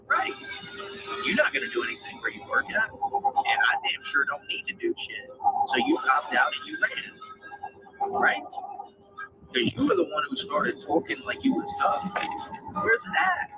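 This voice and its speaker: A man's voice: very high-pitched, huge pitch swings, measured pace, long pauses. A man delivering a confrontational, profane rant, taunting and repeating his challenges. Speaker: ranting video poster. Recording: lo-fi clip under loud music.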